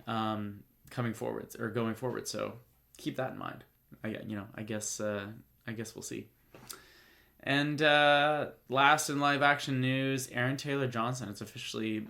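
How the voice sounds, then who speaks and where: A man at an ordinary mid pitch hosts a podcast solo, rambling through news with a joking, offhand tone. He talks loosely, with plenty of fillers, false starts and quick asides. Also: creaky, sharp tone. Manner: rambling, jokey, many fillers and restarts. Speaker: podcast host. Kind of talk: casual solo commentary.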